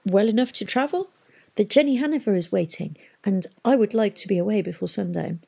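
A gentle but ruthless aviatrix speaks softly and evenly, as a woman reader gives her voice. The tone is dark and husky, with some gravel in it. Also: mid-range voice, a little fast, voice pushed up. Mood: brisk. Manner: soft-spoken, calmly matter-of-fact. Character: gentle, cool female aviatrix spy.

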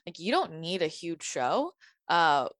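A woman's voice: lowish voice, very animated, measured pace, fairly bright tone, dry recording. Dry-sounding woman hosting a podcast. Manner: eager, conversational, asks long questions. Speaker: podcast host. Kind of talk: casual interview chat.

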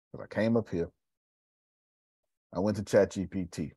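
A man hosting a live video show, talking casually with animated, preachy energy. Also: low-pitched, measured pace, pauses often, slightly rough, dry recording, studio quality. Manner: animated and preachy, with Southern Black American slang. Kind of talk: casual live-stream talk.

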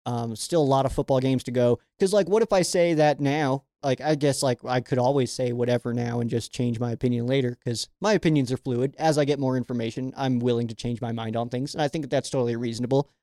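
A man's voice: mid-range voice, quick pace, hardly any pauses, warm tone, no room sound, studio quality. A young man hosting a fan sports show, rambling casually through viewer questions and leaning heavily on "like". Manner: rambling, filler-heavy, with frequent "like".

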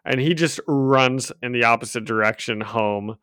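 Man, casual comics chat, smooth clear voice, dry close mic, laughs often. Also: mid-range voice, moderate pace, fairly bright tone, dry recording. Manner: chatty, laughs often, acts out quotes. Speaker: podcast co-host recapping comics. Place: home room with a cat. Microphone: own desk microphone.

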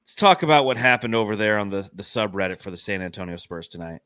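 A man's voice: on the low side, lively intonation, quick pace, over music. A man hosting a casual sports podcast, telling rambling, profane stories and reading fan comments aloud. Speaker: podcast host.

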